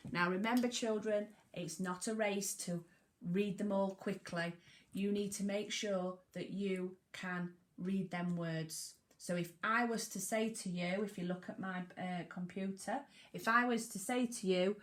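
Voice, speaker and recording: A woman teaching a recorded phonics lesson to young children, slowly and clearly sounding out letters, counting down and praising. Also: lowish voice, fairly even intonation.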